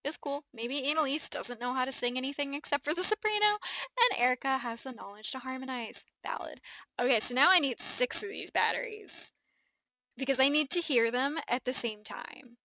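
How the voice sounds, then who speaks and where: A woman's voice: high voice, normal speed, no room sound, rough recording. Gushing Midwestern woman streamer. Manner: gushing, excitable, rambling with many fillers. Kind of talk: casual live-stream chat.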